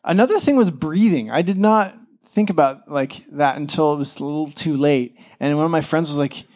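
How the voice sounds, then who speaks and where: A man's voice: a little high, brisk, darkish tone. A young man, a father, preaching a casual, chatty sermon, full of fillers and acted-out quotes. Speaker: pastor.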